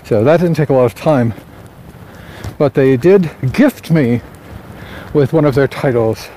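A man talks through his morning in a casual, rambling vlog, full of restarts and small fillers. His voice is mellow and warm rather than bright. Faint traffic and street sounds sit behind him outdoors. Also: medium pitch, a little slow. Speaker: author vlogging.

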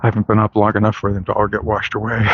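Fast and monotone, a long-adult male vlogger rambles while walking a street outdoors, his lowish voice carrying a breathy edge. He self-corrects and chuckles wryly, captured in dull audio.

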